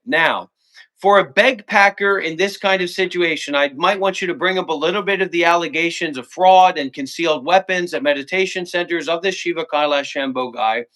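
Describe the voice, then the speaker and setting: A man with a high, piercing voice rants on a livestream, swearing freely and hammering his points home. He stacks demand after demand in long insistent lists, never giving ground. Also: moderate pace, sharp tone. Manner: profane, confrontational and insistent; repeats commands in long lists. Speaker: call-in guest. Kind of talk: heated livestream argument.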